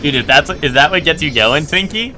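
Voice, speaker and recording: Against a noisy background with game music, this young man from New Jersey chats while streaming a game. His fairly high voice is expressive and brisk, and his rambling talk is packed with fillers and restarts.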